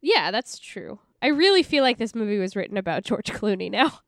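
A woman's voice: mid-range voice, very animated, brisk, a bit bright, dry recording, studio quality. A woman co-hosting a casual movie podcast, making wry joking asides. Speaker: podcast co-host.

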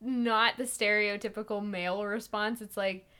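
A woman's voice: medium pitch, steady tone, moderate pace, sharp tone, smooth. A young woman co-hosting a podcast, chatting enthusiastically about a film and laughing often. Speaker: podcast co-host. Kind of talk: casual film chat.

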